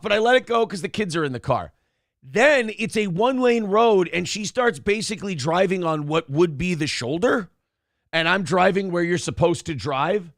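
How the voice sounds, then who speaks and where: A middle-aged man co-hosts a casual talk show, telling animated stories and swearing freely. His voice is high-pitched, and the recording is studio quality with no echo.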